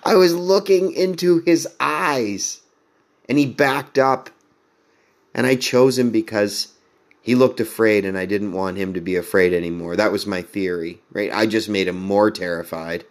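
A man's voice: on the low side, measured pace. A man telling a rambling, self-deprecating story in casual monologue, chuckling as he goes.

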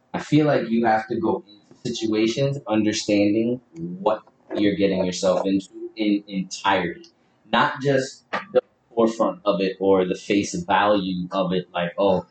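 A man's voice: fairly low pitch, normal speed. A man co-hosts a loose, profane podcast chat. He jokes and swears freely. His voice comes from a distance in a roomy space. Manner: profane, joking, animated. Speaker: podcast co-host. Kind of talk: casual chat. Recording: roomy sound from a distant mic.

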